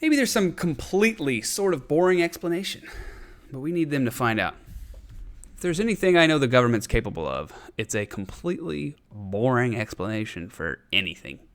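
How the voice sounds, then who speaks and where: A man's voice: medium pitch, fairly quick. Profane ranting male podcast host. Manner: profane, animated, sarcastic. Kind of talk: casual comedic rant.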